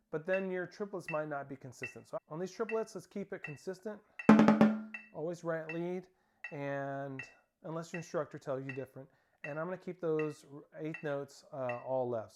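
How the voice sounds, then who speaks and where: A man's voice: a little high, moderate pace, loud music behind the voice. A man teaching a snare drum lesson, counting beats aloud and calling out stickings and start cues. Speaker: percussion instructor. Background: snare drumming.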